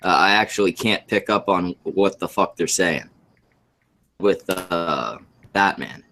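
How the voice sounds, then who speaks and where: A man's voice: sits low, takes it slowly, pushed and bright, a little hiss or hum. A man co-hosting a livestream, making blunt and profane remarks in casual chat.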